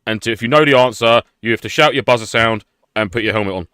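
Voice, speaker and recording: A man's voice: mid-range voice, fast talker, sharp tone, clean tone, no room sound, studio quality. A man hosting a podcast quiz, rambling through the rules with laughs in casual banter. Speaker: podcast host running a quiz.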